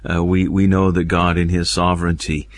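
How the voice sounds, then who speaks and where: A male host asking questions and adding calm remarks. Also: low voice, normal speed, slight background noise. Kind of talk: interview questions.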